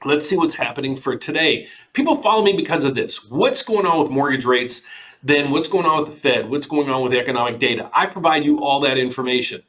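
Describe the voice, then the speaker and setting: A man's voice: animated, a little fast, a bit bright. An older man, a mortgage broker, hosts a casual market update, talking earnestly and repeating himself as he pleads with viewers to call. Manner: earnest, repetitive, pitches services and pleads with viewers.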